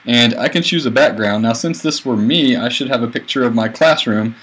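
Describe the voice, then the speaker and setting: A male teacher talking through a software tutorial as he clicks, plain and a bit halting. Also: mid-range voice, husky, low-quality recording. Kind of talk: screencast tutorial.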